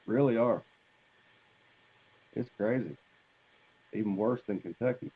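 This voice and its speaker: A man's voice: lowish voice, unhurried, breathy edge, narrow, tinny audio. A man, a guest on a live stream, chatting in a folksy, easygoing way. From southern United States. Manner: folksy, easygoing, laughs along. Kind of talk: casual live stream chat.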